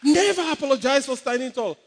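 A pastor preaching a sermon emphatically, repeating exhortations and calling for responses from the congregation. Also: male voice, very high voice, expressive, a little fast, long reverb tail, a little hiss or hum.

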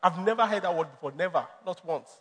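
A man's voice: sits high, quick pace. A man preaching a sermon, emphatic and storytelling, laughing often. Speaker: pastor. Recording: long reverb of a large hall.

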